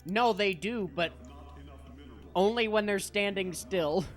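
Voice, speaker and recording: A man's voice: high-pitched, slow, soft background music. A man teasing his friends in casual gaming banter over voice chat. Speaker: gamer on stream.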